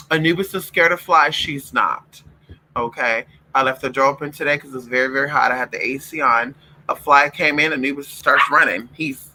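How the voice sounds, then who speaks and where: A man with a very bright, sharp-edged voice that sits a little high for a man. He talks to his viewers in a loose, profane late-night vlog chat, calling them honey and y'all. He also coos at and scolds his puppies in a playful pet-talk voice. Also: slight background noise, poor audio. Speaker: vlogger.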